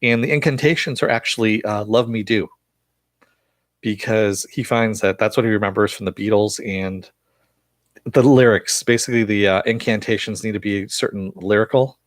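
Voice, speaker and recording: A man's voice: lowish voice, steady tone, normal speed, dry recording. A man casually recapping a TV episode in a loose, chatty way, with lots of fillers and swearing. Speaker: show reviewer.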